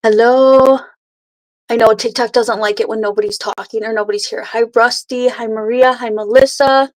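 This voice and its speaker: Woman in her thirties, makeup livestream host, slightly high voice, chatty, greets viewers by name. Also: fairly even intonation, moderate pace, poor audio. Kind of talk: casual livestream chat and makeup tutorial. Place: home at night.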